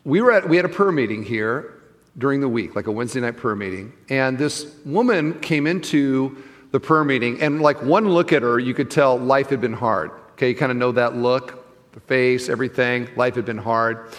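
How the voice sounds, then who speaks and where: A middle-aged male pastor telling a story in a sermon, animated and acting out the voices of the people he quotes. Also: mid-range voice. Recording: long hall reverb.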